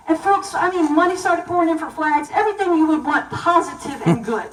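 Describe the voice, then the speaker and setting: A middle-aged woman tells stories to a banquet crowd in an animated, emphatic way. Her voice sits high. The room mic is set back, so her words bounce around a roomy hall. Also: a little fast, hardly any pauses, slight background noise. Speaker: keynote banquet speaker. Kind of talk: storytelling speech to an audience. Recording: echoey hall, voice from far off.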